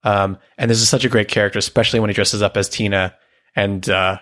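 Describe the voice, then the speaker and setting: A man with a somewhat low voice co-hosts a podcast in an easy, chatty way. He talks with enthusiasm and laughs often as he goes. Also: little pitch movement, fast talker, fairly bright tone. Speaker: podcast co-host. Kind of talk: casual chat about a cartoon.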